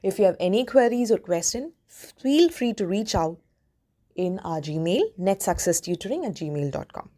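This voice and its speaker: A woman tutor from India, giving an exam-prep lecture that reads out definitions and then says example words slowly. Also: mid-range voice, animated, mellow.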